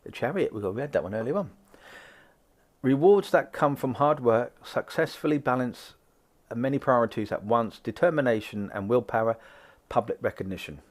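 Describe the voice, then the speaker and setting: A man's voice: medium pitch, expressive, normal speed. A man doing a live tarot card reading, chatting upbeat with viewers and acting out little conversations. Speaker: psychic card reader.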